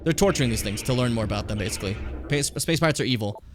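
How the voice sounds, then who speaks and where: A man's voice: mid-range voice, lively intonation, racing, over music. A tired man in his late twenties, streaming a game casually, swearing freely and stumbling as he reads on-screen text aloud. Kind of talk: casual gameplay commentary.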